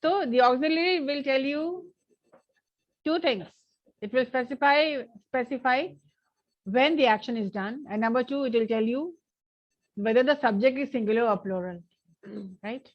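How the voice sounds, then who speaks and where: A woman's voice: high voice, moderate pace, pauses often, dull audio. Indian woman teaching English grammar. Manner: explains step by step, mixing in Hindi. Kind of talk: online classroom lesson. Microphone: online class recording.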